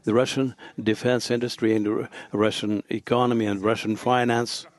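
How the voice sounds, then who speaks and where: A man interpreting a forum speech live, halting, with frequent pauses and fillers. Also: fairly low pitch, little pitch movement. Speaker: conference interpreter.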